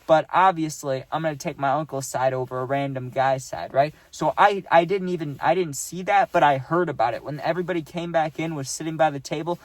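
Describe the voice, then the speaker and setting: A young man casually telling a storytime, rambling and dropping "right?" and "dude" as he goes, acting out quotes in animated voices. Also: a little high, fairly quick, few pauses, dry recording.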